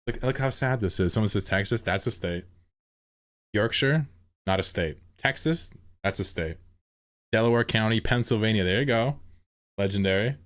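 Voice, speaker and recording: A man's voice: lowish voice, brisk, fairly bright tone, dry recording. A man streaming a game, chatting casually with his viewers in a sarcastic, mock-indignant ranting manner. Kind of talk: casual livestream banter with chat.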